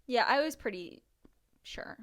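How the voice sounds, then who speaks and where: Young woman, podcast co-host, casual chat, slightly high pitch, rambling filler words. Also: animated, a little slow, fairly bright tone. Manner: chatty, filler-heavy, hedging with "like".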